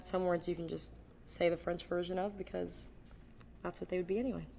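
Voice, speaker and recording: A woman's voice: lowish voice, little pitch movement, a little fast, vocal fry, mellow, in a large hall, a little hiss or hum. A woman casually explaining how to do a French accent in a chatty way, with frequent "like" fillers. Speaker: actor doing a surprise accent showcase.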